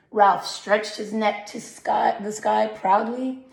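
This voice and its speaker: Woman narrator, storybook read-aloud for kids; slow, gentle, roomy echo. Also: medium pitch, gravelly. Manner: gentle, questioning asides to young listeners. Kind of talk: reading a picture book to children.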